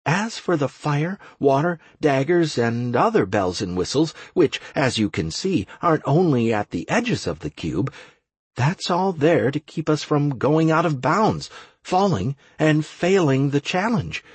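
A man voicing a quick-thinking young woman who explains things briskly in an audiobook. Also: fairly high pitch, big pitch swings, breathy edge, dry recording, voice pushed up, full character voice. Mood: explaining. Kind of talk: audiobook character voice.

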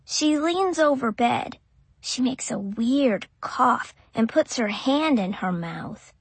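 A woman's voice: fairly high pitch, animated, slow, slightly rough, no echo. A woman reading an audiobook in first person as a small child, with simple childlike phrasing. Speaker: audiobook narrator.

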